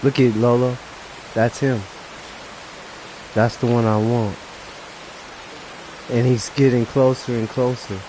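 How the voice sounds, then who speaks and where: A man streaming a live game, chatting casually and breaking into nervous, excited exclamations as he plays. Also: medium pitch, slow, pauses often, a little hiss or hum, poor audio. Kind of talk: live gameplay commentary.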